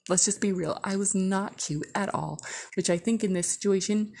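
A woman's voice: medium pitch, moderate pace, vocal fry, a little mellow. A woman casually telling a candid, profane story, full of "like" and blunt asides. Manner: candid, profane, heavy use of "like".

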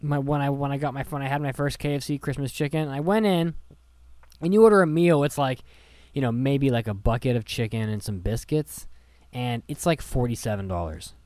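A man's voice: medium pitch, a little fast, darkish tone, dry recording. A young man co-hosting a podcast, chatting casually with a joking, playfully dramatic manner. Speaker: podcast co-host. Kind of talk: casual chat.

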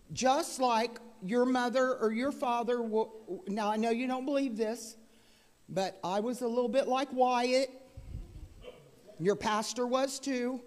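A woman preaching a sermon as guest speaker into a handheld microphone, moving between chatty asides and fervent, loud preaching. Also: fairly high pitch. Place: church sanctuary. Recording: long hall reverb in a church.

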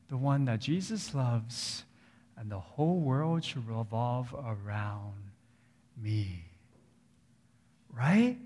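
Reverend preaching slowly in a reverberant church. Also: male voice, medium pitch. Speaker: pastor. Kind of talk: sermon. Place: church sanctuary.

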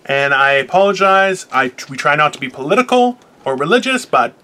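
A man co-hosting a casual podcast over a video call, talking in profane, opinionated, animated rants. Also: a little high, fairly quick. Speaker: podcast co-host. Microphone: remote video call.

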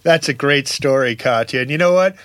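A man's voice: mid-range voice, brisk, a bit bright, no echo, studio quality. A man hosting a casual interview, asking easygoing questions. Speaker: host.

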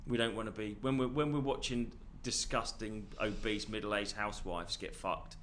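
A man's voice: on the low side, fairly even intonation, normal speed, a bit bright, a little hiss or hum. A man bantering and teasing his co-host in a casual comedic podcast chat.

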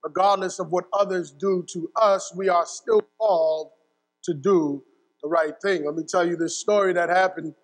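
A young man preaching, his voice set high for a man. He tells a story and keeps checking in with "right?" as he goes. His voice carries a long reverb, as if in a big hall. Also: steady tone, normal speed. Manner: storytelling with asides and repeated "right?". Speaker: pastor. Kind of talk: sermon.

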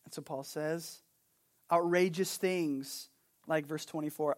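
Animated high-voiced male pastor. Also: slow. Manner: animated storytelling, drops to hushed earnest tones. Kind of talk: sermon. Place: Hawaii.

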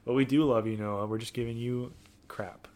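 Young male podcast host, playful and jokey, mid-pitch. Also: fairly even intonation, moderate pace, darkish tone. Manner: joking, laughs often, playful sing-song riffs. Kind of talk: casual chat.

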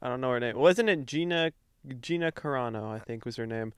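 A man's voice: brisk, clean tone, no echo. A young man co-hosting a podcast, rambling through a long story in casual chat. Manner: rambling storyteller, lively swings in pitch. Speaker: podcast co-host.

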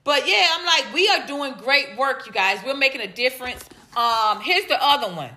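A woman from Atlanta, a stand-up comedian, chatting on a vlog in an animated, playful way with drawn-out teasing repeats. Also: sits high, roomy sound. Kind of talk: casual vlog reading viewer comments.

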